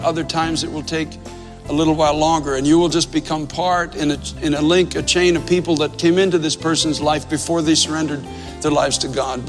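A man's voice: fairly high pitch, long reverb tail. A male pastor in his fifties telling a story in a sermon, conversational and self-deprecating, repeating phrases for emphasis.

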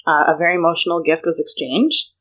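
A woman who works as a wedding planner chats casually on a podcast in a somewhat low voice. She tells stories loosely, with plenty of filler words. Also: fast, fairly bright tone. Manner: chatty storyteller, many fillers like "like".

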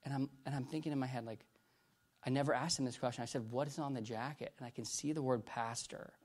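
A middle-aged man preaching a personal testimony, halting and rambling with many restarts, swinging between loud bursts and hushed retelling. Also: medium pitch, fairly even intonation. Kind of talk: sermon testimony.

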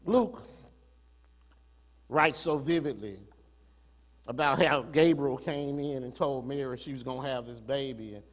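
A man's voice: medium pitch, measured pace, long pauses, in a large hall. A man preaching a sermon to his congregation as pastor, moving from easy conversational storytelling to rising, fervent preaching. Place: church sanctuary.

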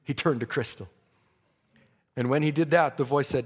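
A man's voice: medium pitch, normal speed, long pauses, breathy edge, big-room sound. A man preaching a sermon, telling a story dramatically and breaking into praise.

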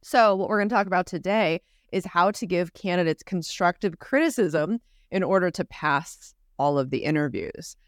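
A woman co-hosting a podcast in casual chat, talking very fast and laughing often. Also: fairly low pitch, dry recording, studio quality. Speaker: podcast co-host.

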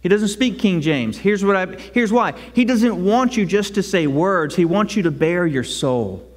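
A man preaching a sermon as pastor, conversational and animated, acting out prayers out loud. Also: high voice, normal speed. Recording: long reverb of a large hall.

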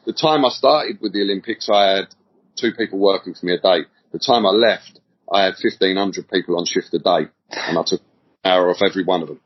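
Middle-aged bloke rambling through old stories, husky voice, kinda muffled lo-fi audio. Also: male voice, low-pitched, fairly quick. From England. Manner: rambling, repeats words, slangy. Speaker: podcast guest. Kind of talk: casual storytelling interview. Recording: dull lo-fi audio.

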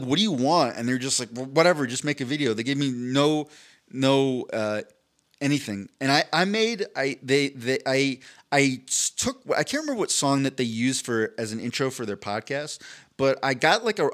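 A man's voice: mid-range voice, moderate pace. A man on a podcast telling a long story in casual chat, rambling and swearing, acting out what people said. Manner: rambling, animated, swearing, acts out quoted people. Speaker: podcast co-host.

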